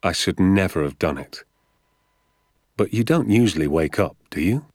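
A man reading aloud and voicing a gentle, soft-spoken father who talks in a quiet, measured way. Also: low voice, expressive, dry recording, studio quality.

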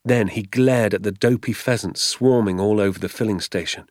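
A man narrating a children's novel aloud in a measured, expressive storytelling manner. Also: on the low side, dry recording, clean studio sound. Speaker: audiobook narrator. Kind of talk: storybook reading.

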